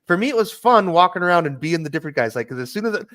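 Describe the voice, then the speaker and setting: A man's voice: high voice, expressive, very fast, a bit bright. A middle-aged American man in casual chat, rambling and sardonic with lots of fillers. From United States. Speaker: podcast host.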